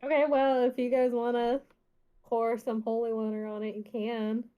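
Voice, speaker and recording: Woman w a higher voice, teasing player in an online tabletop game, laughs a lot. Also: little pitch movement, moderate pace, clear, resonant tone, highs cut off. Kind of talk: casual tabletop play over a stream.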